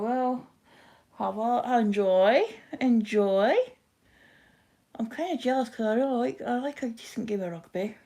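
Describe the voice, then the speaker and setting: Broad Scottish woman, chatty and quick. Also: on the high side, warm tone. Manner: quick-talking, chatty, self-deprecating. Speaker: craft livestream host. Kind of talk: casual chat while stitching, reading live comments.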